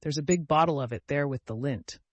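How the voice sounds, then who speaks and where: A man reading an audiobook, voicing a sickly, capricious teenage girl who gives commands in a quick, high-strung way. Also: no echo, natural voice. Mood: demanding.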